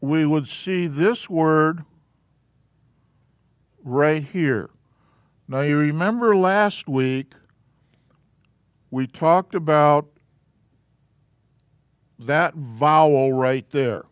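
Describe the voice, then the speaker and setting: A man teaching a Hebrew alphabet class in a church classroom, explaining slowly and casually. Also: fairly high pitch, smooth, no room sound, lo-fi sound.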